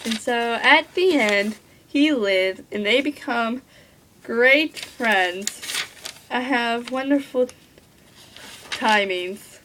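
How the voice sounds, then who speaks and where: Gushing high-voiced teen girl vlogger. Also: very slow, long pauses, fairly bright tone, slight background noise, low-quality recording. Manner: rambling and gushing, full of "like" fillers. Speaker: book vlogger. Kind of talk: casual book review.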